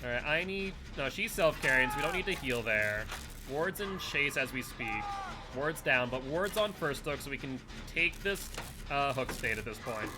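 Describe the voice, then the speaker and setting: A man's voice: medium pitch, expressive, moderate pace, over music. A man giving casual running commentary while playing a game live and chatting with viewers and teammates. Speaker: streamer.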